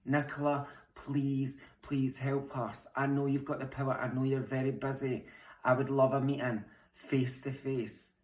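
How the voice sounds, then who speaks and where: A woman's voice: extremely low pitch, little pitch movement, a little slow, darkish tone. A young transgender woman with a Scottish accent, making an impassioned, frustrated appeal straight to camera from her home, blunt and swearing at times. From Scotland. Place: home, room mid-move. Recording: roomy echo.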